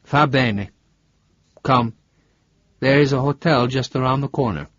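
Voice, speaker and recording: Young Italian woman, voiced by a man, soft Italian accent, cautious, high, dull dry recording. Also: a little slow, no room sound. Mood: wary.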